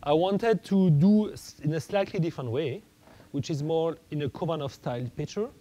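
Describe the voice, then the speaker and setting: Halting male math lecturer, mellow voice. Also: a little high, rough recording. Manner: halting, many restarts and fillers, thinking aloud.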